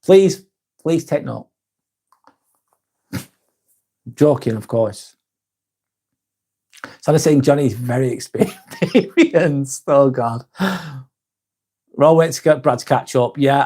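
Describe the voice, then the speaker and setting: A man's voice: medium pitch, takes it slowly, long pauses, darkish tone. Chatty Northern English man streaming live. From north of England. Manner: joking, swears casually, reads comments aloud. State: tired. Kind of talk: casual live-stream chat reading viewer comments.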